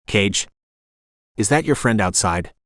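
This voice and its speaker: A man voicing a serious older small-town doctor with a slight Spanish accent, asking measured questions. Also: fairly low pitch, lively intonation, a bit bright, no echo, clean studio sound.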